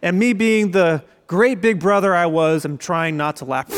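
A man's voice: high voice, normal speed, smooth. A young man preaching a sermon as pastor, conversational and storytelling, with quoted asides. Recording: long reverb of a large hall.

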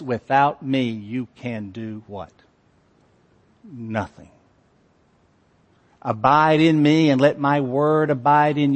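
A man preaching a sermon as pastor, reading scripture and driving his points home with emphatic, measured phrasing. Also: medium pitch. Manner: slow, emphatic preaching with long pauses and rising intensity. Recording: long hall reverb.

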